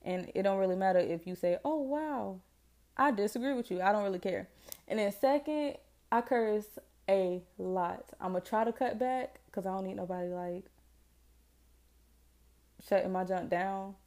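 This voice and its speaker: A woman's voice: medium pitch, fairly even intonation, moderate pace, dark tone. A woman in her twenties from Jacksonville, Florida, with a Southern accent, chatting casually and slangily as she hosts her own podcast. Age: 20s. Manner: chatty, rambling, self-deprecating, slangy. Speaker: podcast host. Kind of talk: casual solo podcast chat.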